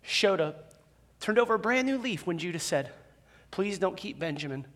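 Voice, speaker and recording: A man preaching a sermon as a pastor in a church, conversational and animated, with self-deprecating humor. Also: high-pitched, normal speed. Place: church sanctuary with a live audience. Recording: long reverb of a large hall.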